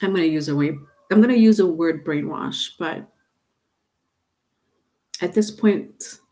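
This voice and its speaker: A woman's voice: fairly low pitch, measured pace, mellow. Chatty middle-aged lady doing a tarot live stream at home, repeats herself a lot, laughs easy. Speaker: tarot reader. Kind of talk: casual livestream talk.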